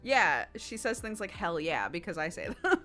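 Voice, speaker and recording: A woman's voice: on the low side, big pitch swings, normal speed, a bit bright, soft background music. An American woman in her thirties, a streamer chatting casually and rambling, laughing often. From United States. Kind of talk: casual chat with chat.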